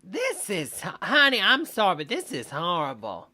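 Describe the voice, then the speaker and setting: A woman's voice: lowish voice, huge pitch swings, moderate pace, pushed and bright, soft background music. A woman hosting a live stream, reacting to videos with chatty, amused commentary and lots of asides. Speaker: host reacting to online videos. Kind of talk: casual commentary livestream.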